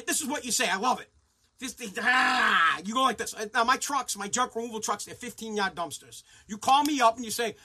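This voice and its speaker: A man's voice: very high-pitched, animated, fairly quick, pushed and bright. A man hosting a talk show, ranting angrily and sarcastically, mocking people in put-on voices. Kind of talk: profane rant.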